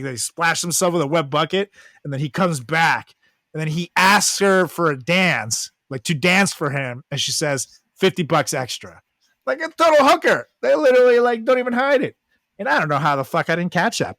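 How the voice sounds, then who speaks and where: A man's voice: a little high, fairly bright tone, no echo. A man co-hosting a podcast in casual chat, crude and laughing as he tells stories. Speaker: podcast co-host.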